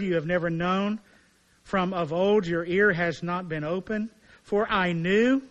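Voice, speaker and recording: Male preacher, slightly high voice, lively sermon delivery with acted asides. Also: dull audio. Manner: animated preaching, acting out voices of biblical figures. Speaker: pastor.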